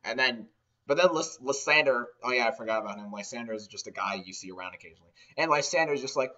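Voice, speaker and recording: A man's voice: mid-range voice, animated, quick pace, pushed and bright. A man giving a rambling, sarcastic comedic game recap, swearing often, recorded on a dull, lo-fi mic. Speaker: game ranter.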